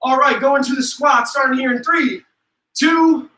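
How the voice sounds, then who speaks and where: Bright-voiced man coaching a home workout. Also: very high voice, unhurried, roomy sound, distant mic, poor audio. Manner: upbeat, joking, counts reps aloud. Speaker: fitness instructor.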